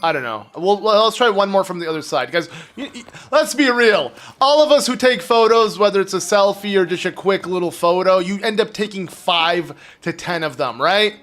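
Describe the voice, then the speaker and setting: A man streaming a game live, chatting casually and rambling to his viewers while his phlegmy throat keeps needing clearing. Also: high-pitched, lively intonation, normal speed, a bit bright. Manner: rambling, chatty, talks to chat. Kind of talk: casual live gameplay commentary.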